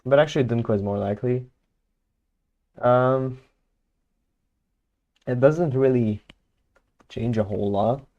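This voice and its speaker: A man's voice: mid-range voice, a little slow, long pauses, dark tone, dull audio. A man talking casually as he works through his own constructed language, thinking aloud with fillers and self-corrections. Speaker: conlang creator. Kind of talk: casual screen-recorded commentary.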